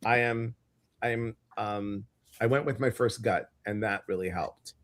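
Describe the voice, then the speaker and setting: A man co-hosting a casual live-stream show, talking in a chatty, animated storytelling way. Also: fairly low pitch, measured pace. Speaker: co-host of a live intuitive show.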